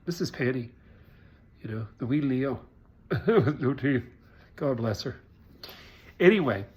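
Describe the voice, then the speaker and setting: A middle-aged man, a psychic, talking in a rambling, chatty vlog monologue and laughing often. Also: medium pitch.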